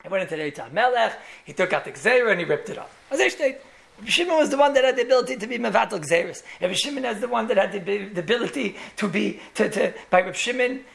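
Gravelly-voiced rabbi teaching a lecture. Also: male voice, high-pitched, expressive, fast talker, fairly bright tone. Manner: storytelling with repeated words and chuckling asides. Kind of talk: Torah lecture in English laced with Yiddish and Hebrew terms.

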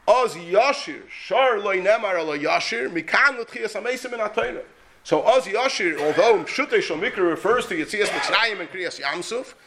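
This Torah lecture comes from a male rabbi whose voice sits high with a fairly bright tone. He teaches emphatically, poses rhetorical question after rhetorical question, and mixes Hebrew and Yiddish words into his English.

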